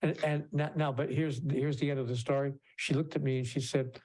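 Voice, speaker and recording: Here a keynote speaker and author tells a story about himself to a conference audience, his mid-range voice steady, slightly quick and a little mellow. He restarts sentences often and voices the other characters as he goes.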